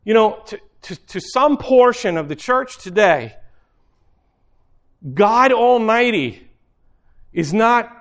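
A man with a fairly high voice preaches in an easygoing, conversational manner. He repeats key phrases and drifts into quick asides as he speaks to a church congregation. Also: fairly bright tone. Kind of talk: sermon.

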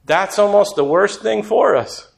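A man's voice: high-pitched, measured pace, gravelly. A male preacher giving a sermon in an earnest, conversational way, sometimes acting out quotes. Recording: echoey room.

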